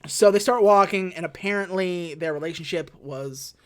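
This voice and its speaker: A man co-hosting a podcast, casually recapping a film, often laughing and acting out lines in quick voices. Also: high-pitched. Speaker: podcast co-host. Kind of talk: casual movie recap chat.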